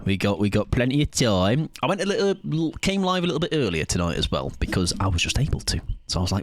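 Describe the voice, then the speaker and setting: A loud, lively young man chats through his game stream, laughing often. His voice sits a little low, recorded dry and close with no room sound. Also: quick pace, hardly any pauses, dry recording. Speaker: livestreamer. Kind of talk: casual gaming livestream chat.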